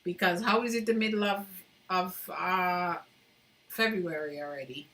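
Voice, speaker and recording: Chatty woman with a bright, forceful voice. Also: lowish voice, measured pace. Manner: chatty, reads viewer comments aloud and laughs often. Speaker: live-stream host. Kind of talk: casual chat with live viewers while carving. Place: indoors at home.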